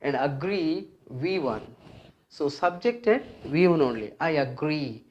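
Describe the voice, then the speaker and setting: Slow, repetitive grammar teacher. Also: mid-range voice, animated, dull audio. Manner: patient, repeats each phrase and rule several times; explains step by step with frequent fillers. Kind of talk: classroom grammar lesson at a board.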